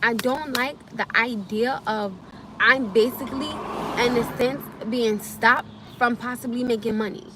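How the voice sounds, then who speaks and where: A woman's voice: on the high side, fairly even intonation, measured pace, noisy background. A young woman, venting angrily and repetitively on a live stream from her parked car. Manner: angry, repetitive ranting. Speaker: livestreamer.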